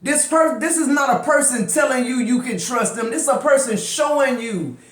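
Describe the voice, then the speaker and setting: A man with a strikingly high voice gives a loose, profane tarot reading in a roomy, echoing space. He talks in heavy slang and preaches at his listeners, dropping to mutters and rising to yells. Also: moderate pace. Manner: slangy, profane, preachy, swings from murmuring to yelling. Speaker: tarot reader. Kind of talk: casual tarot reading to camera.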